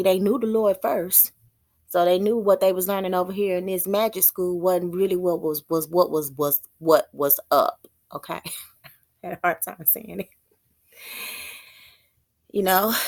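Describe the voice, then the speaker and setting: A woman giving an informal religious teaching, halting and repeating words as she thinks aloud. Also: fairly low pitch. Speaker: prophetess.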